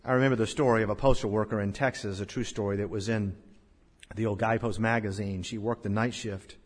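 A male pastor preaching a sermon, swelling to loud, drawn-out scripture recitations and dropping to hushed lows. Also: fairly even intonation, husky. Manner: slow, drawn-out recitation of King James verses. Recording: long church-hall reverb.

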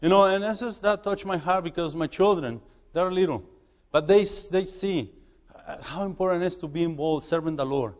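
A man who is a missionary preaching in a church, halting and repeating words as he urges the congregation. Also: a little high, big-room sound. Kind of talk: sermon.

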